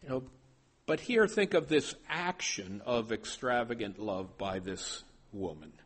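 A man's voice: mid-range voice, expressive, a little slow, a bit bright, slightly rough. A male pastor preaching a sermon, stopping often and repeating his words as he goes.

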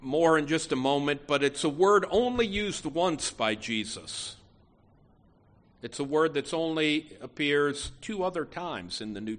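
Male pastor, sermon delivery, unhurried and emphatic, slightly raised voice. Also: a little high. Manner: earnest, emphatic, with frequent restarts and "you know". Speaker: preacher.

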